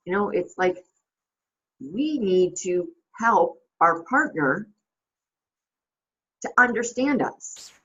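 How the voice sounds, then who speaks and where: A woman's voice: mid-range voice, animated, slow pace, long pauses, sharp tone, husky, dull audio. A woman hosting a casual reflective monologue, rambling with many fillers and restarts. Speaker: host.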